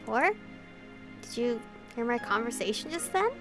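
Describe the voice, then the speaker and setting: Woman streamer reading a visual novel, emotional and giggly, fairly high voice, faint music behind. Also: lively intonation, moderate pace, a bit bright. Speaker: video game player reading aloud. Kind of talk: visual novel let's play with commentary.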